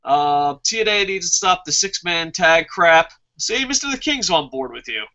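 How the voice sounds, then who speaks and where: A man's voice: fairly high pitch, lively intonation, normal speed, sharp tone. A man hosting a wrestling review show, reading viewer comments and ranting heatedly with plenty of swearing. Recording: muffled lo-fi recording.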